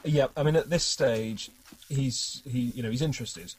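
A man's voice: mid-range voice, moderate pace, breathy edge, poor audio. A man running a tabletop game, narrating in a wry, chatty way and laughing often. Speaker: game master.

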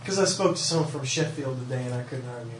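A man's voice: medium pitch, quick pace, a crowd in the background. A man at a tabletop game, curious and full of questions. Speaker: player. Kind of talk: casual chat at a game table. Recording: echoey room, distant mic, noisy.

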